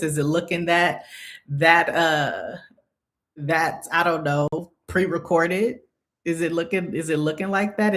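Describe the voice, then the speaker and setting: Low-voiced woman hosting a live coaching stream. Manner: emphatic, repeats key phrases, addresses viewers as y'all. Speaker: host of a live coaching show.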